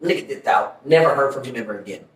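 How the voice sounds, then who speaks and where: A man co-hosting a podcast, telling stories in a casual, profane, animated way. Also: mid-range voice, quick pace. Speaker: podcast co-host. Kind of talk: casual chat, storytelling. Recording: echoey room, mic at a distance.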